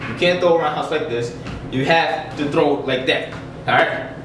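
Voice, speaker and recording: Breathless karate teacher in echoey room. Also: male voice, a little high, moderate pace, noisy background. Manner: demonstrating kicks while talking, loose and chatty. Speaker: karate instructor. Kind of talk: casual martial arts lesson. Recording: echoey room, mic from a distance.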